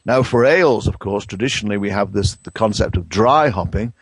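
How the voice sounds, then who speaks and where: A middle-aged man with an English accent, a brewing science professor explaining things in a conversational interview, pausing and restarting often. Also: on the low side, expressive, husky, no room sound. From England. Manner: hesitant, many restarts and fillers.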